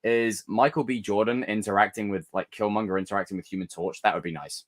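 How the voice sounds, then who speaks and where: A man hosting a casual live stream, chatting with viewers and ranting in a theatrical, animated way. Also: lowish voice, quick pace, hardly any pauses. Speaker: livestream host.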